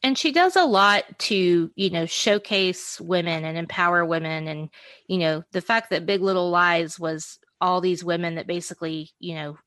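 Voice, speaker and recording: A woman's voice: lowish voice, normal speed, a bit bright, no echo. A woman hosts a casual podcast chat, giggly and talkative. She hedges her sentences with easy fillers. The sound is close and dry. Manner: chatty, hedging with "you know", giggly. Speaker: podcast host.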